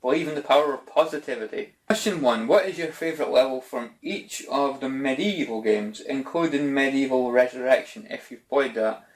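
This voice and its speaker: A Scottish man chats casually through viewer questions on his channel. His talk is loose and informal, peppered with "bloody" and "mate", in a voice of ordinary middle pitch. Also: normal speed, hardly any pauses. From Scotland. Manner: chatty and informal, says "bloody" and "mate" a lot. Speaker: YouTube gaming channel host. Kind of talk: casual Q&A vlog chat.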